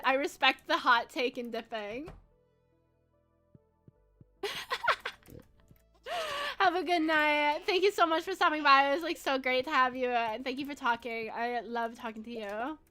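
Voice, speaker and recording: A woman's voice: sits high, bright, forceful tone. A young American woman streaming a game, chatting with viewers in a bubbly way and giggling often. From United States. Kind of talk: casual live-stream chat while gaming.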